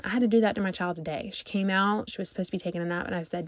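A woman's voice: medium pitch, fairly even intonation, rapid-fire, dry recording. A woman in her thirties, a mom vlogger chatting casually to her viewers, rambling and thinking aloud.

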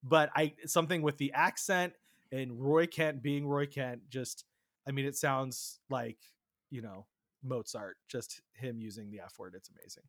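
A man hosting a podcast in casual chat, with a general Southern California accent, joking and quick with asides. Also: mid-range voice, a bit bright, dry recording, clean studio sound. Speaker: podcast host.

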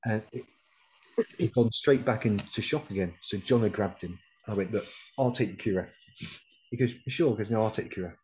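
Here a decorated RAF Regiment veteran from the United Kingdom, middle-aged, speaks as a podcast guest in a casual interview. His lowish, darkish voice moves a little fast over slight background noise in a low-quality recording, and he tells his story bluntly, swearing often and quoting other people.

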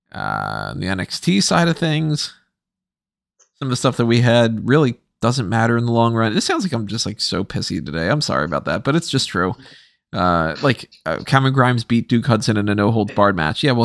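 Low gravelly dude chatting wrestling, wry and easygoing, dry close sound. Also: male voice, big pitch swings, moderate pace, no echo. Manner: laid-back, wry, laughs often. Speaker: podcast co-host. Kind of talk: casual wrestling chat.

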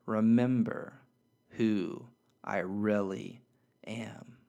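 A gentle, loving soul spirit, read by a man in a storybook telling. It speaks tenderly and quietly in a mid-pitched voice, reassuring and warm in intent. Its pauses carry a soft seriousness. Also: lo-fi sound, natural voice.

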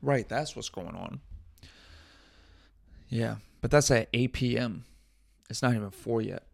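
A man's voice: medium pitch, a little slow, vocal fry, a little mellow, dry recording. A man hosting a solo podcast in a casual, rambling, joking way, swearing often and talking to himself. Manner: rambling, joking, frequent swearing and self-talk. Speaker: podcast host.

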